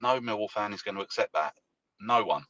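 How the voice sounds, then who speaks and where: A man giving an earnest, measured interview answer with frequent pauses and fillers. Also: on the low side, fairly bright tone, no room sound. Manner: measured, hesitant, many fillers. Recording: dull lo-fi clip from a distance.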